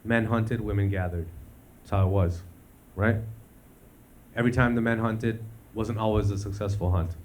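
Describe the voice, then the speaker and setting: A man doing stand-up comedy while high, laid-back, swearing and laughing at his own jokes. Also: fairly even intonation, normal speed. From Canada. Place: live comedy stage. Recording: live venue with audience noise.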